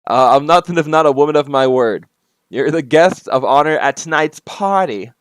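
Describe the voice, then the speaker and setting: A man's voice: on the high side, expressive, normal speed, no room sound, natural voice. Man putting on Harley Quinn, taunting. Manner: taunting, theatrical. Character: brash playful female supervillain.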